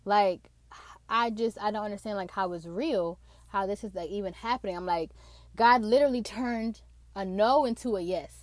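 A woman's voice: mid-range voice, moderate pace, no echo. Emotional young woman sharing a testimony. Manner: emotional, excited, fills with "like". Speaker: faith testimony speaker. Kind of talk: personal testimony, casual storytelling.

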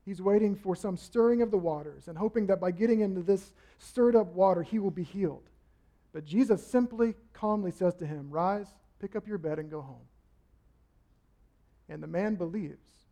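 Male pastor, high voice, animated preaching delivery that acts out the people he quotes. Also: moderate pace. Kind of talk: sermon.

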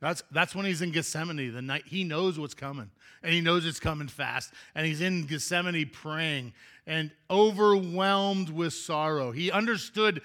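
Bright, high-voiced pastor preaching casually. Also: male voice, normal speed. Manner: chatty, joking with the congregation, many restarts. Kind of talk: interactive sermon. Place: church sanctuary.

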